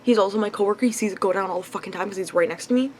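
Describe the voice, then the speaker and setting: A young woman ranting in a casual vlog into her phone, rambling with lots of fillers and swearing, clearly frustrated. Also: medium pitch, rapid-fire, darkish tone, a little hiss or hum, rough recording. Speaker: vlogger. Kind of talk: casual confessional vlog rant.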